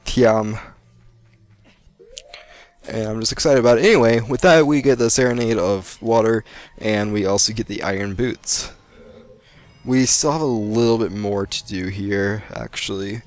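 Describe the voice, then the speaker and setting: A young American man giving rambling, chatty gameplay commentary and laughing often. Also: fairly low pitch. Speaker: let's play gamer. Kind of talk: post-recorded gameplay commentary.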